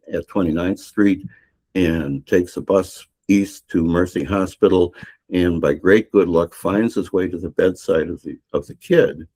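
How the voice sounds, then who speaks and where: A man's voice: sits low, darkish tone, husky. An older man, a novelist, retelling his book's plot in a podcast interview, rambling with restarts and fillers. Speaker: novelist guest.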